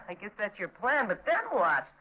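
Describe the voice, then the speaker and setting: An actress playing a young woman in a 1950s radio drama, expressive and needling. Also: mid-range voice, measured pace, exaggerated voice, rough recording. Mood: playful. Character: young woman, sharp, quick to tease and sulk.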